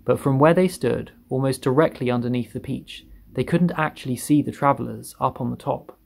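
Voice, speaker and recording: A man narrating a children's story aloud, expressive and lingering on words for effect. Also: medium pitch, gravelly. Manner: lively, expressive read with drawn-out emphasis.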